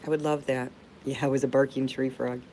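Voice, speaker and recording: A woman's voice: a bass voice, little pitch movement, brisk, low-quality recording. Middle-aged woman on a livestream, talks evenly, calls everyone babe, little hiss behind her. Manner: warm, heartfelt, calls viewers babe. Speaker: livestream host. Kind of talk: casual livestream chat reading viewer comments.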